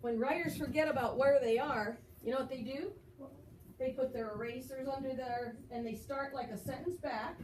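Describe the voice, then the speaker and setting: A woman's voice: high voice, steady tone, normal speed, a little mellow. A woman teaching a fourth-grade class, guiding students through writing with frequent encouragement. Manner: encouraging, praising students often. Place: school classroom. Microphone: recorded from across the room. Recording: echoey classroom from far off with noise.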